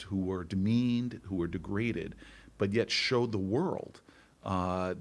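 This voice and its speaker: A middle-aged man, a senator, speaking as an interview guest in a stirring, oratorical way and repeating phrases for rhythm. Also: on the low side. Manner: slow, emphatic delivery. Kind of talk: interview with speech-like rhetoric.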